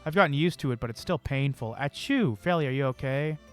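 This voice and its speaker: A young man streaming a game playthrough, reading the characters' dialogue aloud and breaking off now and then with crude, excited outbursts. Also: mid-range voice, fast, smooth, soft background music. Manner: reads the lines of several characters aloud, with sudden swearing outbursts.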